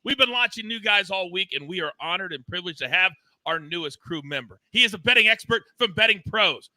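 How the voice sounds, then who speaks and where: A man's voice: high voice, animated, fairly quick, sharp tone, no room sound. A man hosting a sports betting show, talking in hyped, emphatic banter and repeating phrases for effect. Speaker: show host.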